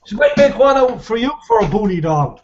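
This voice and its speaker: A man in casual chat who talks haltingly, often stammering and restarting. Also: high-pitched, big pitch swings. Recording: dull lo-fi audio with faint noise.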